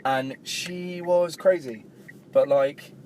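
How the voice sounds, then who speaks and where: A man's voice: a little high, steady tone, slow. A young man co-hosting a podcast, chatting and teasing his friend while he drives. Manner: teasing, laughs often. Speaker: podcast co-host. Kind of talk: casual chat while driving. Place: inside a moving car. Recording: car with loud road noise. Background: road and engine noise.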